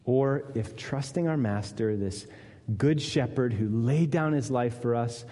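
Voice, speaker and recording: Earnest preaching man in a reverberant hall. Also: a little slow. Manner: earnest, dips low and quiet for weight, lifts up to voice Jesus and Peter. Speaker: pastor. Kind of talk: sermon. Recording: long reverb of a church hall.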